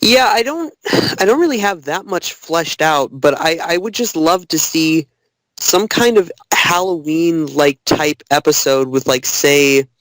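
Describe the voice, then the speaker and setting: A man's voice: on the high side, expressive, a little slow, fairly bright tone, no room sound, rough recording. A man hesitantly brainstorming an episode idea, searching for words with many fillers. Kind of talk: casual brainstorming.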